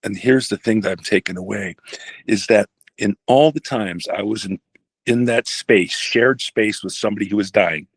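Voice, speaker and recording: An older man, a retired pastor, telling a personal story in a halting, reflective way with many restarts. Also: fairly low pitch, vocal fry, breathy edge, dry recording.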